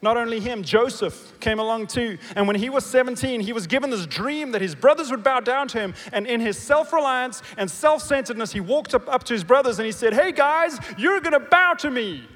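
High-voiced male preacher in a reverberant hall. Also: a little fast, few pauses. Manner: dynamic, swings from loud emphatic bursts to soft low asides; engages the congregation with questions. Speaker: pastor. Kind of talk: sermon. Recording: long reverb of a big hall.

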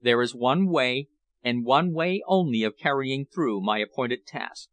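A man reading the part of a guarded aristocratic gentleman in an audiobook, speaking in a restrained, firm way. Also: mid-range voice, expressive, measured pace, dry recording.

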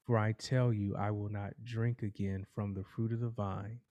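A man preaching a sermon, telling a courtroom parable in a slow, dramatic storytelling manner. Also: fairly low pitch, level tone, warm tone, dry recording, lo-fi sound.

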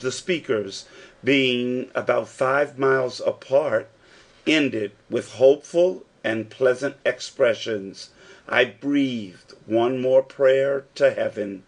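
A man narrating a classic novel as an audiobook, in a measured storytelling manner. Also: mid-range voice. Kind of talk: scripted narration.

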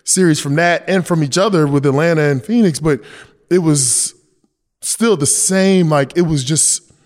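A man's voice: fairly high pitch, moderate pace, darkish tone, long reverb tail. A man talking loosely as a podcast guest, restarting sentences and circling back to the same point. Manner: loose, repeats himself, restarts often. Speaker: guest, NBA champion. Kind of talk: casual interview chat.

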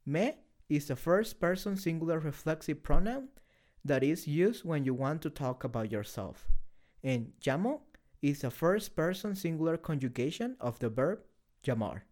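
A man teaching a beginner lesson in a clear, explanatory, scripted way. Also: a little high, lively intonation, normal speed, a little mellow. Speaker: language teacher.

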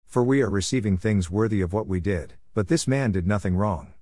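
A man's voice: fairly low pitch, brisk, a little mellow, dry recording, studio quality, natural voice. A man reading the lines of a repentant condemned criminal in an earnest, plain voice.

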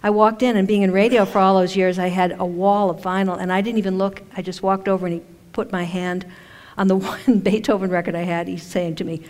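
A woman's voice: mid-range voice, fairly even intonation, fairly quick, darkish tone. An older woman from Maine talking casually to a live audience from a stage, chatty and self-deprecating, laughing often. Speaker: speaker at a spiritual event. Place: stage in a large hall. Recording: echoey hall with long reverb.

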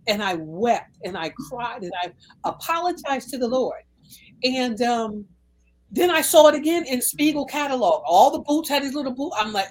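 A middle-aged woman minister from the United States telling a personal faith story in conversation, animated and emphatic. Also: on the high side, normal speed, rough recording. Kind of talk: conversational testimony.

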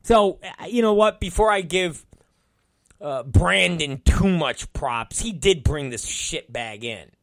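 A man's voice: a little high, lively intonation, slow, a bit bright, no echo, clean studio sound. A middle-aged man hosting a podcast, telling an exasperated story in a profane, casual rant. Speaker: podcast host and wrestling promoter.

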